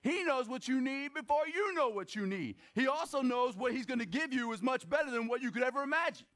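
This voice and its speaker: A pastor with a very high male voice preaches a lively sermon at a church service, talking a little fast. He keeps questioning the congregation, jokes along the way and shouts out for emphasis.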